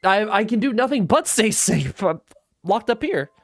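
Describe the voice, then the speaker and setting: A woman voicing a gentle, worried young princess locked up in a video game, soft and reassuring. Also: sits low, sing-song, brisk, dry recording.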